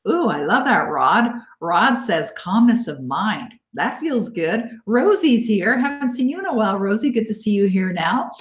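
A woman's voice: mid-range voice, big pitch swings. Upbeat woman coaching a live webinar, echoey. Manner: encouraging, upbeat, thanks listeners by name; slow, coaxing guidance in visualization parts. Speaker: self-help coach hosting a live webinar. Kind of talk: live online coaching session. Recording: echoey room.

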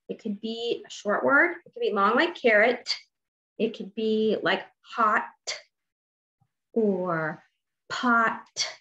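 A woman teaching a phonics lesson to young children, sounding out letters slowly and encouraging them to answer. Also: mid-range voice, pushed and bright. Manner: slow, drawn-out sounding of letters and words; encouraging, asks questions and waits. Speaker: kindergarten teacher. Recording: dull lo-fi audio with faint noise.

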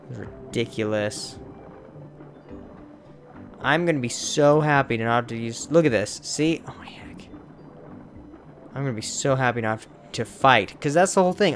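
Let's play host, male, mid-range voice, slow and exasperated, mild minced oaths. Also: medium pitch. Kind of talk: casual gameplay commentary.

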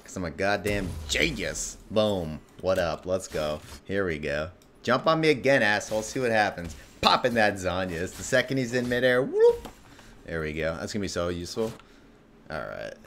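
A man giving live gameplay commentary, excitable and profane, breaking into sudden yells. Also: deep voice, moderate pace, few pauses, slight background noise. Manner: excitable, swearing, bursts into yelling. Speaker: gameplay streamer.

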